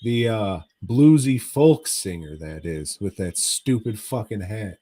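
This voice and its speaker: A man drawls through a movie recap on a podcast at an unhurried pace. His voice sits on the low side, and he talks in a profane, rambling way. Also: lively intonation, warm tone. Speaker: podcast co-host. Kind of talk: casual chat, recapping a movie.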